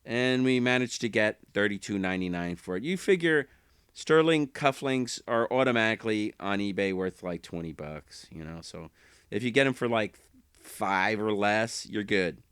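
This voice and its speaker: Chatty man with a smooth, dry voice. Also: lowish voice, lively intonation, moderate pace, a bit bright, dry recording. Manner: chatty, rambling, self-correcting, chuckles. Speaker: eBay reseller vlogger. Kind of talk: casual talk to camera.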